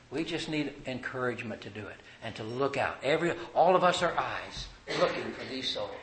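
A man preaching a fervent sermon, building to loud, emphatic passages. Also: mid-range voice, echoey room, slight background noise, rough recording.

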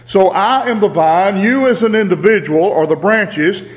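A man preaching a sermon, reading scripture aloud in a deliberate, emphatic way. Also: sits high, low-quality recording.

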